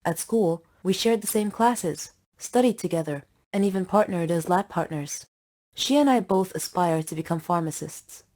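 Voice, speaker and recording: Young woman telling her story, kinda low and mellow, steady read. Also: normal speed. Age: young adult. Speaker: narrator. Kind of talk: scripted first-person story narration.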